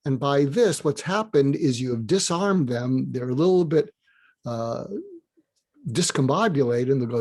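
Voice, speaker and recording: Older male guest, fairly high voice, animated storyteller who plays out quoted dialogue; interview advice. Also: normal speed. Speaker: guest, psychiatrist and business advisor.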